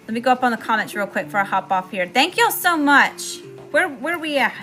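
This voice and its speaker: A woman from Mississippi hosting a spiritual livestream, giving effusive shout-outs to viewers in casual chat. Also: on the high side, sing-song, fast, faint music behind. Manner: effusive, warm shout-outs with lots of "y'all".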